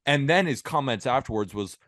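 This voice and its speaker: Lively, heated man in a dry room. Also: medium pitch, brisk, no room sound. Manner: heated, emphatic ranting, building up. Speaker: co-host. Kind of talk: casual sports podcast chat.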